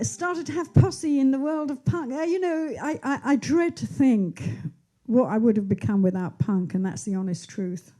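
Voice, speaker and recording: At a book launch in a bookshop, a woman in her sixties, the author, is interviewed onstage before an audience. Her high, warm voice carries chatty, rambling answers with many restarts and asides.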